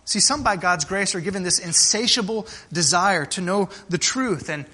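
A man preaching a sermon to his congregation, earnest and direct, often restarting phrases and slowing down to stress key words. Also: high-pitched, pushed and bright. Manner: earnest, with frequent restarts and slowed emphasis. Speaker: pastor.

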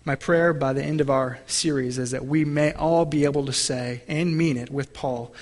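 A man preaching a sermon, reading scripture aloud and asking the congregation questions, shifting between slow, stressed phrases and quick asides. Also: mid-range voice, fairly even intonation. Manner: asks the congregation questions, varies pace and loudness. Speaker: pastor.

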